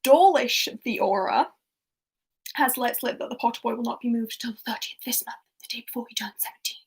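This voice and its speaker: A woman's voice: on the high side, husky. Woman whispering as a sly Death Eater man. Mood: secretive. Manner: hushed, rapid, secretive. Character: sly male Death Eater reporting to his lord. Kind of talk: whispered role-play.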